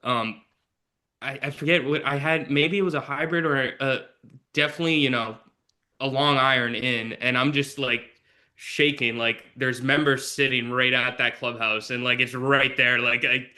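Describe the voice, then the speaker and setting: Brief: man guest from Canada, bright, forceful tone, quick casual chatter full of "like". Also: medium pitch, fairly even intonation. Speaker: guest, assistant golf course superintendent. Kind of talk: casual interview chat.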